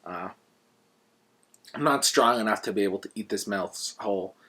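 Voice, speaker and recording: A man's voice: lowish voice, normal speed, pushed and bright. A man voicing a frail, scheming ancient owl. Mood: sly. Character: ancient sly cannibal male owl, frail.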